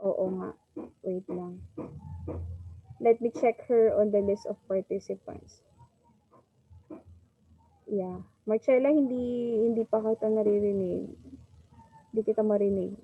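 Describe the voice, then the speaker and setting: A woman's voice: medium pitch, steady tone, measured pace, long pauses, husky, dry recording, narrow, tinny audio. A woman with a Filipino accent teaching an English class over a video call, mixing English and Tagalog and drawing out the words she models. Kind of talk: online class lecture.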